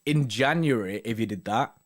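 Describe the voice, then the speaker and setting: A man's voice: mid-range voice, normal speed. Young guy rambling on a live stream, chatty, keeps saying know what i mean. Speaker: host reading viewer comments. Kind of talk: casual live-stream chat.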